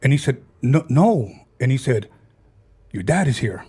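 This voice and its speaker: A man's voice: medium pitch, very animated, a little slow, a little mellow, husky. A man on a podcast, casually retelling a friend's ghost story and acting out the people in it.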